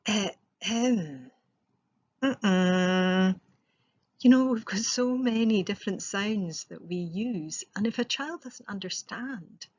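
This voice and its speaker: A woman's voice: mid-range voice, breathy edge, highs cut off. A woman giving a recorded presentation as a trainer, explaining step by step with rhetorical questions and the odd filler.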